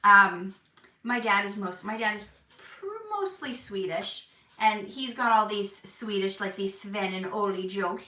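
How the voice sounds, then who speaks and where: Chatty woman with a bright, roomy voice. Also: mid-range voice, a little slow. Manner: chatty, reads out viewer comments, jokey. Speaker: live-stream host answering chat. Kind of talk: casual live-stream Q&A. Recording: roomy, a bit far from the mic.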